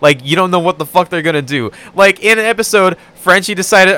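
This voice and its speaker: Lively, smooth-voiced young man. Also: sits high. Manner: animated, swearing, quick bursts. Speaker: podcast co-host. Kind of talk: casual chat.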